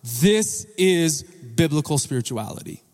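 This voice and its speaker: A man's voice: fairly high pitch, animated, unhurried, a little mellow. A male pastor preaching a sermon in a church, often asking the congregation questions and calling for their responses. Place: church sanctuary. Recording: long reverb of a large church hall.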